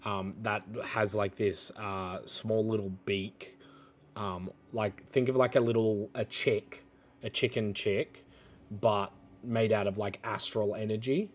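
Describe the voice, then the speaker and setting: A man's voice: on the low side, steady tone, slow pace. A man narrating as dungeon master in a tabletop game, hesitant and full of fillers and restarts.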